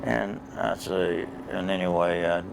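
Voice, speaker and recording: An older man recalling his first film at home, slow and rambling with fillers. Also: low-pitched, flat delivery, gravelly, noisy background. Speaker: actor interviewee. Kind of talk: reminiscing interview at home.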